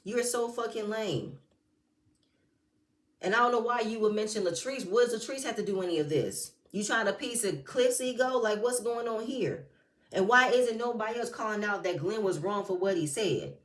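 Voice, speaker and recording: A woman's voice: medium pitch, moderate pace, reverberant, recorded from a distance. A woman giving blunt, profane, heated commentary as she recaps a reality TV reunion. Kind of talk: casual commentary.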